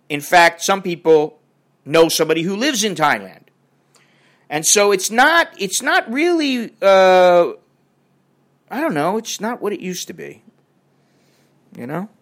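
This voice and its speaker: Talking to his viewers on camera, an older vlogger goes on a cranky, rambling rant full of profanity. He has a high, slightly bright voice.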